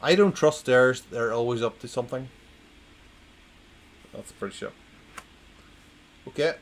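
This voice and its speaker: A man of medium pitch reads dad jokes at a measured pace, with a faint hiss or hum in the recording. He's a drunk host keeping things casual, repeating each punchline and laughing along at his own jokes.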